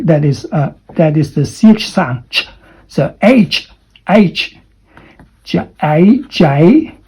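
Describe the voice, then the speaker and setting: A man teaching English pronunciation. He repeats letters and sounds over and over, swings his pitch up and down to show stress, and keeps checking in with "okay?". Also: mellow, breathy edge, poor audio. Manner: drills sounds by repeating them, with exaggerated rising and falling pitch; frequent "okay?" and "you know" check-ins. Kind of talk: pronunciation lesson.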